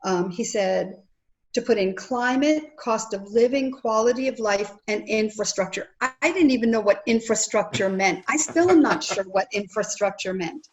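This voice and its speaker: A middle-aged woman sharing a personal faith testimony in conversation, earnest and lively, acting out remembered dialogue. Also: medium pitch, moderate pace. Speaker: guest sharing her testimony. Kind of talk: conversational storytelling.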